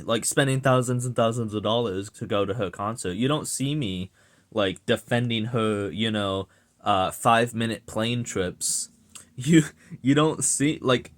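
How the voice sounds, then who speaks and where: A man's voice: medium pitch, lively intonation, measured pace. Profane exasperated young man ranting. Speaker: vlogger ranting. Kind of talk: casual rant to camera.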